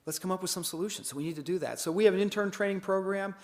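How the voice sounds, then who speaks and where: A man's voice: sits high, racing. A man giving a conference keynote in a folksy, storytelling way, acting out the dialogue of the people in his stories. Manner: folksy, animated, acts out dialogue. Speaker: keynote speaker.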